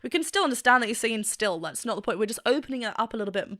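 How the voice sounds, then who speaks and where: A woman's voice: a little high, expressive, racing, fairly bright tone, dry recording, studio quality. A woman vocal coach giving enthusiastic, explanatory commentary in a reaction video, now and then breaking into short sung demonstrations.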